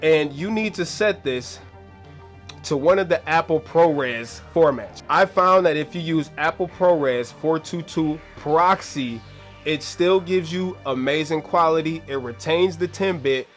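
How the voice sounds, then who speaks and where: A man's voice: fairly high pitch, a little slow, faint music behind. A man hosting a casual video editing tutorial, talking slangy and laid-back to his viewers while losing his voice. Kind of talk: casual screen-recorded tutorial.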